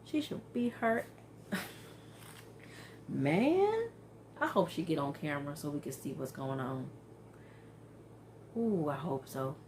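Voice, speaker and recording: A woman vlogger recapping a reality TV episode in a casual, animated way, often exclaiming in disbelief and saying um a lot. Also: sits low, moderate pace, pauses often, slight background noise.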